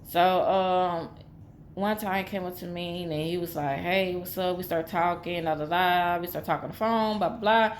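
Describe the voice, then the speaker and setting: A woman's voice: fairly low pitch, moderate pace, slight background noise. A woman telling a personal story in a rambling, repetitive, emphatic way. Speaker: vlogger.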